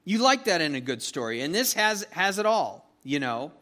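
A man preaching a casual, animated sermon, reading scripture and retelling the story with frequent restarts. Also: a little high, moderate pace. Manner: conversational, animated, with repeated restarts. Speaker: pastor. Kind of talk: expository Bible sermon.

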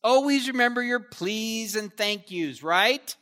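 Guy teaching bible verse by verse, high-ish voice, chatty asides, keeps asking okay?. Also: animated, a little slow, few pauses, pushed and bright. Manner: casual asides and rhetorical checks with the listeners.

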